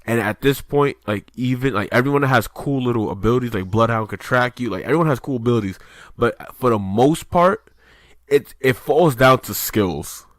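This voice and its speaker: This podcast co-host is a man whose mid-range voice moves at a normal pace. He talks in a loose, rambling way, full of fillers and profanity. Recorded in a clean studio, the audio is dry.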